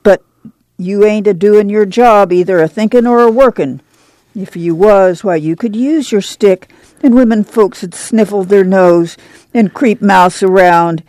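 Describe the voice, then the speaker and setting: A woman's voice: medium pitch, unhurried, darkish tone, no room sound, natural voice. Woman reading a tough migrant mother, blunt and firm, dry close sound. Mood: stern. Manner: firm, blunt, plain-spoken rural drawl. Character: tough, determined mother of a poor migrant family. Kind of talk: audiobook reading of a novel.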